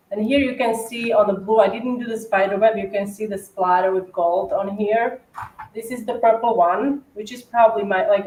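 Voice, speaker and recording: A woman's voice: mid-range voice, darkish tone. A woman from Slovakia with a Slovak accent, chatting casually on a cookie decorating livestream, laughing often. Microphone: far from the mic. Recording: roomy echo, distant mic, faint hiss.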